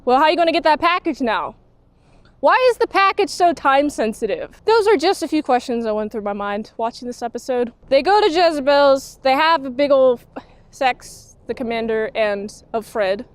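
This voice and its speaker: A woman giving a blunt, sarcastic spoken review of a TV show, acting out characters in quick quoted voices. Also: sits high, animated, clear, resonant tone, no echo.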